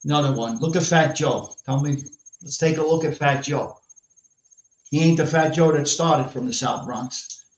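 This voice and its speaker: A man's voice: a little high, moderate pace. A man with a New York accent ranting brashly and profanely as a podcast host in casual chat. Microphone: live stream mic. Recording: echoey lo-fi room sound.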